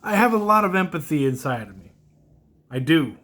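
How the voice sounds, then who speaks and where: A man's voice: fairly high pitch, sing-song, moderate pace, a bit bright. Emotional rambling man, podcast monologue. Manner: emotional, rambling, self-deprecating with laughs. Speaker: podcast host. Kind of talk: casual solo podcast monologue.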